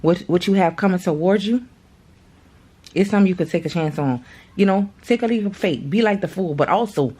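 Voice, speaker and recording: A woman in her thirties gives a casual tarot reading to camera, chatty and slangy, swearing freely and speaking straight to her viewers. Her voice is fairly low, darkish, and slightly rough.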